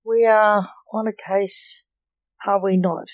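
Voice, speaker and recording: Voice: medium pitch, little pitch movement, slow, no echo, natural voice, low-quality recording. A reader doing a stern, snappish emperor son.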